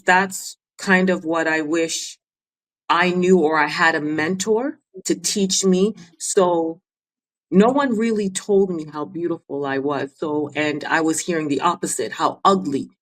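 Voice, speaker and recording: A woman's voice: on the low side, unhurried, rough recording. A woman speaking as a guest and mentor on a podcast, earnestly giving advice in short, repeated phrases. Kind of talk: casual interview chat.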